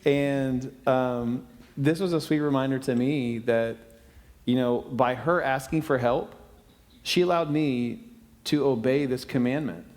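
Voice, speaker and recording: A man's voice: mid-range voice, unhurried, darkish tone. A man who served as a cabin parent, telling a camp story in an easygoing, casual way. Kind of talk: personal testimony, casual. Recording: reverberant room.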